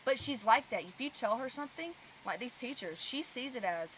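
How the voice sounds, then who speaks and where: A woman, a mother hosting a casual podcast chat and telling stories with lively swings in loudness. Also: fairly high pitch, normal speed, few pauses, slight background noise. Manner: animated storyteller, swings loud when telling stories.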